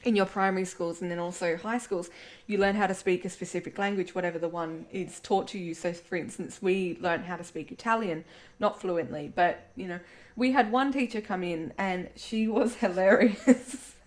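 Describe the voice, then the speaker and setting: A young woman, co-hosting a casual chat and recalling school days in a relaxed, giggly way. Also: lowish voice, normal speed, hardly any pauses. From Australia. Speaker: podcast co-host.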